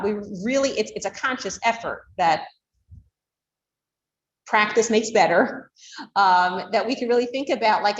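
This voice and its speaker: A woman with a mid-range voice lectures a class, explaining things with frequent fillers like "you know" and acting out tones of voice to make her points. The lo-fi recording has a roomy echo.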